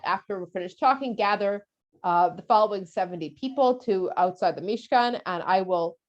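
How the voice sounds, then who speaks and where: A calm, confident divine voice that speaks in a matter-of-fact and playfully wry way, as a woman puts it on. The pitch is medium, close to her own voice, and the recording is slightly muffled. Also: natural voice.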